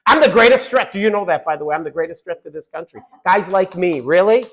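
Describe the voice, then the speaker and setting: A middle-aged man giving a fiery political speech, loud and punchy with repeated lines and quiet asides. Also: high-pitched, expressive, fast talker, rough recording.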